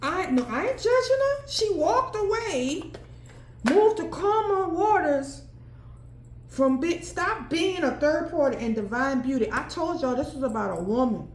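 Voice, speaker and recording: A woman with a high voice reads tarot cards at an unhurried pace, musing aloud as she goes. She often bursts into exclamations and laughs. Her voice echoes in a roomy space, with faint ambience behind it. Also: animated, slight background noise. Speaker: tarot reader. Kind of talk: solo tarot card reading.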